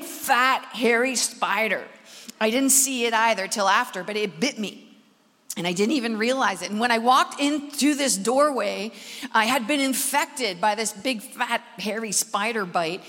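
Bright-voiced woman preaching in a reverberant hall. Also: sits high. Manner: animated, acts out dialogue, asks audience questions. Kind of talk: storytelling sermon. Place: large concert hall, live audience. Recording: long hall reverb from a live event.

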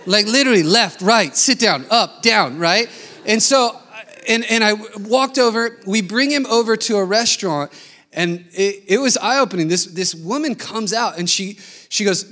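High-voiced man telling a story in a sermon. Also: moderate pace. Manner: animated storytelling, acting out quoted voices. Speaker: pastor.

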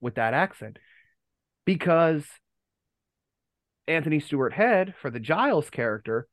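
An American man hosts a casual fan podcast, rambling, correcting himself, and leaning on lots of fillers. His voice sits fairly high and sounds expressive, delivered at a measured pace in a dry recording.

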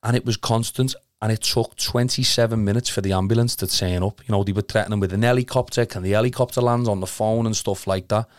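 A man's voice: on the low side, steady tone, fast talker, few pauses, no echo. A young man with a Liverpool accent telling an emotional story in casual chat, rambling, earnest and swearing a lot. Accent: Liverpool (Scouse). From Liverpool, England.

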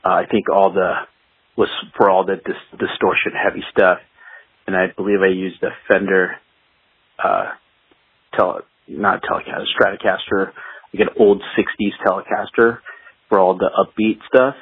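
A man's voice: low voice, flat delivery, normal speed, breathy edge, no echo. A man being interviewed as a guest guitarist, telling rambling studio stories in a casual way and laughing as he goes. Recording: tinny phone-like line, dry.

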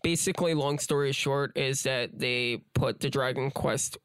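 A man's voice: mid-range voice, moderate pace, a bit bright, clean tone, no echo. A young man chatting casually, filling his talk with "like" and restarts. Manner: filler-heavy, says "like" often. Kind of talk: casual chat.

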